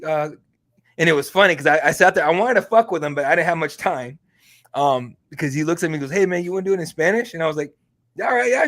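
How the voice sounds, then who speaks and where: Excitable, profane man telling stories. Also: on the high side. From Mexican heritage. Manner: profane, excitable, animated storytelling. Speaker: MMA podcast host and reporter. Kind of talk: casual storytelling chat.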